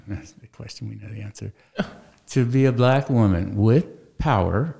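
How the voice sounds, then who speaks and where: A man co-hosting a podcast in casual chat, playful and quick to laugh. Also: on the low side, gravelly, dark tone. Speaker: podcast co-host.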